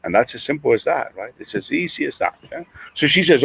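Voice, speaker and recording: A man hosting a reaction stream, ranting in a profane, mocking, animated way. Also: mid-range voice, fast talker, creaky, few pauses, breathy edge, poor audio. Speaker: stream host. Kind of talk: reaction commentary.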